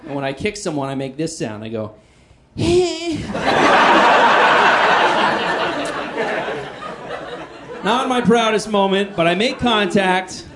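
A man performing stand-up, telling a story in a self-deprecating, animated way and swinging between loud outbursts and hushed asides. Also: high-pitched, brisk, hardly any pauses, very noisy. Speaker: stand-up comedian.

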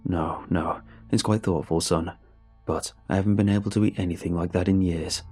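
A man voicing a frail old male neighbor, gruff but kindly, with a slow, low drawl, in a told horror story. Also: steady tone, darkish tone, soft background music. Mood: gentle.

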